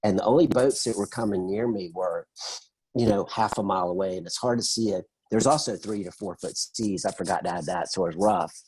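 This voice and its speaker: A middle-aged man in an interview, telling his story in an animated, conversational way and acting out the voices of the people in it. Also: low voice, brisk, husky, poor audio. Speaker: interview guest.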